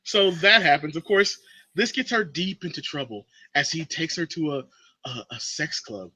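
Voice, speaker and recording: A man hosting a casual movie review chat, recapping scenes with sarcastic, animated commentary. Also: on the high side, normal speed, no echo. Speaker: podcast host.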